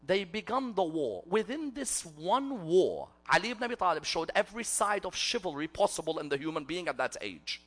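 Male preacher telling a story in a sermon, forceful bright voice, dramatic swings from loud to hushed. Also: high-pitched, sing-song, normal speed, few pauses.

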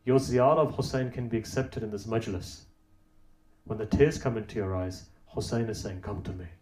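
A man's voice: mid-range voice, moderate pace, a little mellow. A man preaching a sermon, telling a story with rhetorical questions and building to emphatic peaks. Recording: roomy echo.

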